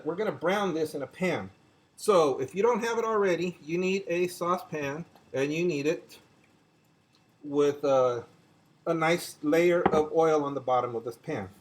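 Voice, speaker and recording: A man's voice: fairly high pitch, low-quality recording. A chatty older man hosting a casual home cooking demonstration in his kitchen, talking viewers through each step as he works. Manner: chatty, talks to viewers as he cooks. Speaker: home cooking show host.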